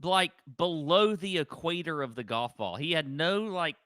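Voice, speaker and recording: A man's voice: a little high, lively intonation, moderate pace, bright, forceful tone, no room sound. A man co-hosting a podcast in casual chat, with wry, dry teasing remarks. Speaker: podcast co-host.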